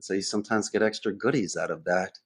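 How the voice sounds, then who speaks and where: A man's voice: sits low, fast, husky. A man as a podcast guest who runs a call center, talking in a conversational interview and acting out phone calls in different voices.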